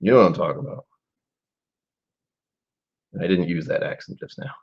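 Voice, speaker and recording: A man's voice: low voice, expressive, moderate pace, husky, lo-fi sound. A man in his forties hosting a casual live-stream tasting, musing aloud and rambling with trailing asides. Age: 40s.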